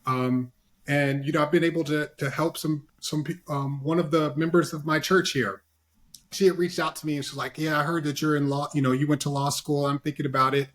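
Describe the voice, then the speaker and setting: A man's voice: on the high side, steady tone, a little fast, a bit bright. A man speaking as a panelist in a casual discussion, giving earnest advice with lots of fillers and "right?" tag questions, over a video call.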